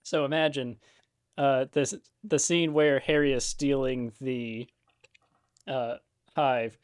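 Regular player: easygoing man, mid pitch, storytelling chat. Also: steady tone, slow, clear, resonant tone, no echo. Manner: storytelling, laughing. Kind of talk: casual tabletop game chat.

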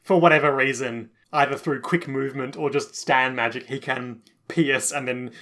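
A man's voice: medium pitch, fairly even intonation, normal speed, bright, forceful tone. A man co-hosting a casual podcast chat, making dry quips, laughing often and leading the segments. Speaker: podcast co-host.

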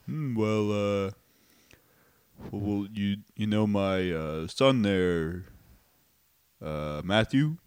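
A man's voice: lowish voice, extremely slow, long pauses, darkish tone, smooth, no echo. A man voicing a hesitant father who fumbles with "uh" and "well". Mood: fumbling. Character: hesitant, deep-voiced father.

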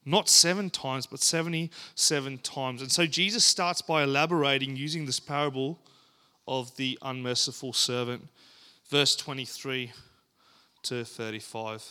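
A man preaching a sermon and reading scripture aloud, earnest and deliberate, with dramatic pauses and emphatic rises. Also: mid-range voice, steady tone, bright, forceful tone, smooth.

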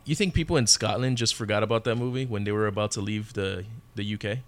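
A man's voice: on the low side, fast. A man chatting casually about movies, teasing his friends and laughing. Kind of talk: casual chat. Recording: echoey room.

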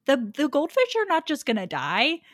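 A young woman in casual podcast chat, eager and quick to chime in, with frequent laughter. Her voice sits a bit high and swings widely in pitch. The recording is dry and close. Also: dry recording. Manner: lively, laughing often, jumping in to finish thoughts. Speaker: podcast co-host.

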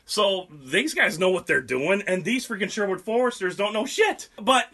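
Young male host, high, bright voice, profane and mocking comic storyteller. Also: lively intonation, moderate pace, husky. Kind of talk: casual comic history storytelling.

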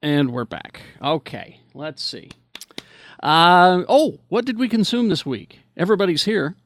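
A man's voice: high voice, animated, unhurried, no room sound. A man hosting a casual podcast chat, calling on the others to share their picks. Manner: leads the round of picks. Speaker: podcast host.

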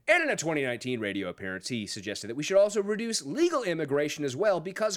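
A man's voice: a little high, sing-song, quick pace, few pauses. A man hosting a podcast, giving sarcastic, profane political commentary in a mocking tone. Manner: sarcastic, swears a lot, mocking. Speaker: podcast host.

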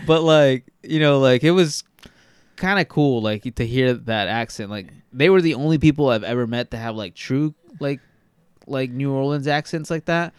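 A man's voice: medium pitch, normal speed, clear, resonant tone, dry recording. A man from Texas, co-hosting a podcast, chatting casually and rambling with many fillers and restarts. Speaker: podcast co-host. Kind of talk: casual chat.

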